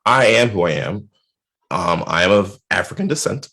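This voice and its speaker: A man speaking as a guest in a casual video-call chat, earnest and animated as he acts out what other people said to him. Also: lowish voice, moderate pace. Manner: earnest, animated retellings with lively quoted voices.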